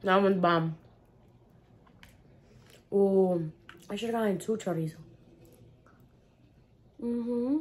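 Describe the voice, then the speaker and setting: A woman's voice: mid-range voice, extremely slow, long pauses. A young woman, chatting casually between bites in a mukbang eating vlog. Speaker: food vlogger.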